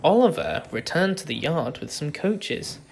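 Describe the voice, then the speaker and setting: A man narrating a children's storybook tale in an expressive, varied manner. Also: a little high, unhurried, creaky, a little hiss or hum. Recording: music behind narration.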